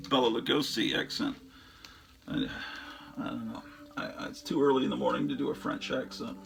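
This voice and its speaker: A man's voice: mid-range voice, steady tone, brisk, gravelly, long pauses, noisy background. A man hosting a show, chatting casually and enthusiastically about his record collection in a rambling way, often trailing off into fillers.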